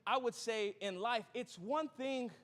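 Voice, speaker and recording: Male pastor, high tenor, joking storyteller, long hall echo. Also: a bit bright. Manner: chatty and joking, quick asides to the crowd. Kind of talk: sermon with a storytelling opening. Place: church auditorium.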